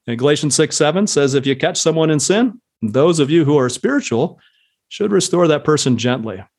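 A man's voice: on the high side, expressive, a little fast, darkish tone. A man speaking as a podcast guest on parenting, talking thoughtfully with frequent fillers and quoting scripture. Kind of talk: casual podcast conversation.

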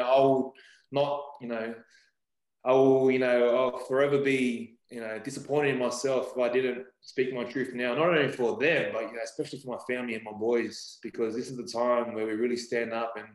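Earnest man in a roomy room. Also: mid-range voice. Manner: earnest, emotional, repeats "you know". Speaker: podcast guest, breath-work facilitator. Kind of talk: heartfelt conversational sharing. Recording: roomy echo.

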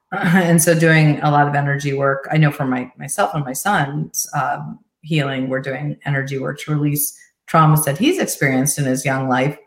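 A middle-aged woman coach speaks in an earnest, reflective way, slipping in soft laughs now and then. Her voice sits a little low, and the room around her is echoey. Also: steady tone, normal speed. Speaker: life coach, guest. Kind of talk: conversational interview storytelling.

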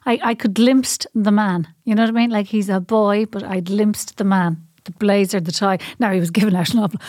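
A woman's voice: mid-range voice, a little fast, dry recording, studio quality. A middle-aged woman, a podcast guest telling comic stories with a lot of laughter. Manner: animated, laughing comic storyteller. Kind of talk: casual chat.

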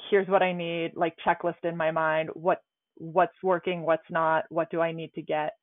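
A woman's voice: deep voice, flat delivery, normal speed, no echo. Matter-of-fact woman over a tinny line. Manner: matter-of-fact, laughs often. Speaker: guest. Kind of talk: interview storytelling.

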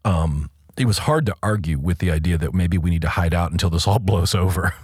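Low husky guy on a faith podcast, emphatic, keeps restarting sentences, dry mic. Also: fairly quick, darkish tone, no echo. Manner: emphatic, repeats words while thinking. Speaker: podcast co-host. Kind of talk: casual faith discussion.

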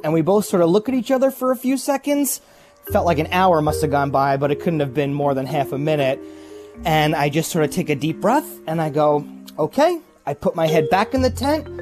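A man telling a casual spoken anecdote, acting out voices and sounds in a lively way. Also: a little high. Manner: animated, acts out voices and sounds. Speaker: guest storyteller.

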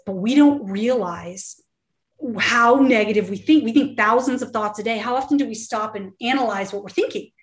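A woman in her thirties talks earnestly as a podcast guest, encouraging and quick to laugh. Her voice sits fairly high, and an echoey room surrounds her. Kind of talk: casual interview talk. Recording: roomy echo.

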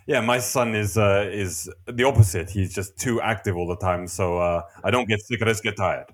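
A man co-hosting a podcast, talking in a relaxed, casual way. His voice sits a little low, and his humor comes out dry and wry. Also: moderate pace. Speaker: podcast co-host.

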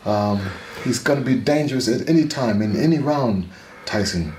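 A man doing an impression of a famous retired heavyweight boxer, giving slow, measured advice. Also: medium pitch, animated, darkish tone, close to an everyday voice. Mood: calm advice. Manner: measured, advising, slow repeated phrases. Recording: echoey room with faint noise.

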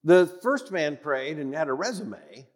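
A man preaching an emphatic sermon in a church, repeating phrases for weight and swinging from loud declarations to hushed tones. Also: a little high, lively intonation, unhurried. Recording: long reverb of a church hall.

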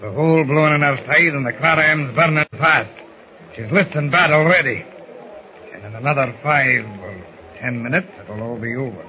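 An actor playing a stoic, fatherly older ship captain, gruff and steady, in 1940s radio acting. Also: medium pitch, moderate pace, natural voice. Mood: solemn. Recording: dull old radio recording with faint hiss.

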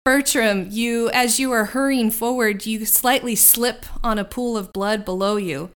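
A woman's voice: fairly high pitch, fairly even intonation, unhurried, smooth. A woman narrating a tabletop game as game master, descriptive and rambling with restarts.

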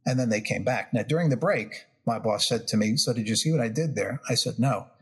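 Husky, gravelly New York man. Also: mid-range voice, a little fast. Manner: animated storyteller, acts out quotes. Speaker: guest negotiator. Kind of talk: storytelling interview.

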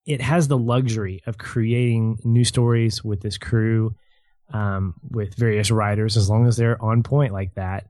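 A man's voice: lowish voice, steady tone, unhurried, dark tone, no room sound. A man chatting as a guest on a film podcast, rambling with restarts and easy laughs. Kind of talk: casual film podcast chat.

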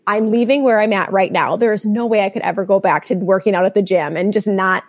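A woman's voice: medium pitch, fast. Candid mom telling her story. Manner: candid storytelling, animated retelling. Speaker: podcast guest, mother. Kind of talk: casual chat.

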